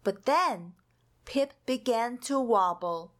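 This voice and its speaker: Slow expressive woman reading a storybook. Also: fairly high pitch. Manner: expressive, soothing bedtime-story delivery. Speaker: storybook reader. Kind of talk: storybook read-aloud.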